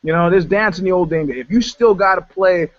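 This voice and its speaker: Profane, rambling man with a higher voice. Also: brisk. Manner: profane, rambling storyteller with many restarts. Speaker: show contributor and musician. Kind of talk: casual panel chat. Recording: dull, dry lo-fi audio.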